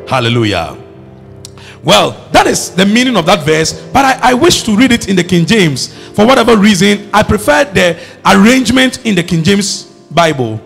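High-voiced gravelly preacher, animated. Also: male voice, normal speed, soft background music. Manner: emphatic, rising to shouts, calls for congregation response. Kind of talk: sermon.

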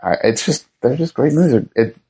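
A man's voice: medium pitch, lively intonation, brisk, warm tone, husky. A man being interviewed as a writer and producer, chatting casually and enthusiastically, rambling with lots of fillers and restarts. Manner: enthusiastic fan talk.

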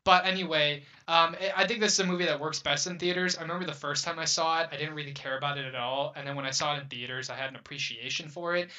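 A young man hosting a casual podcast chat, earnest and hesitant, often pausing on fillers. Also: a little high, fairly even intonation, pushed and bright. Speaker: podcast host.

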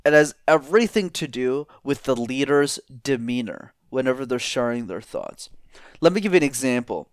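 Animated man coaching on speaking. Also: medium pitch, moderate pace, smooth, no room sound, clean studio sound. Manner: animated, demonstrates vocal tones. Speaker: communication coach guest. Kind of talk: energetic interview talk.

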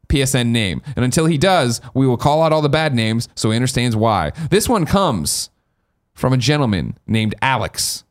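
Lively, boisterous male podcast host. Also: medium pitch, moderate pace. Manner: boisterous, profane, playful. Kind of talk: casual podcast chat reading listener mail. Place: podcast studio.

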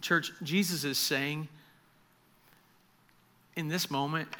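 A man's voice: a little high, normal speed, pushed and bright. A male pastor preaching a sermon, telling a story in an earnest way and addressing the church directly.

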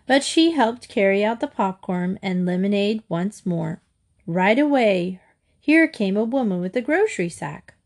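A woman's voice: mid-range voice, expressive, unhurried, a little mellow. Woman reading a storybook aloud. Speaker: narrator.

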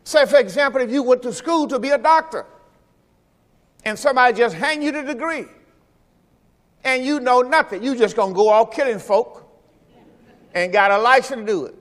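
A pastor preaches a folksy sermon in a church sanctuary during a service, repeating phrases and calling on the congregation to answer him. His voice is extremely high and a bit bright, moving at normal speed with frequent pauses. Long church reverb fills the recording.

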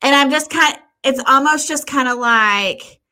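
A woman with a voice that sits high talks a little slowly as she co-hosts a podcast. She recounts a story in easygoing chat, swearing liberally and dramatizing people's words with animation.

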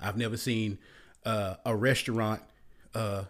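A man's voice: lowish voice, fairly even intonation, a little slow, fairly bright tone. A man giving a blunt, exasperated rant in a casual commentary, often repeating himself and restarting his sentences.

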